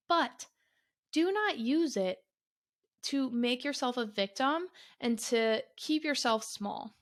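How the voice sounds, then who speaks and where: A woman's voice: high voice, fairly bright tone. Blunt, swearing woman podcast host. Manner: blunt, emphatic, swears often, repeats points for emphasis. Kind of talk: solo podcast rant.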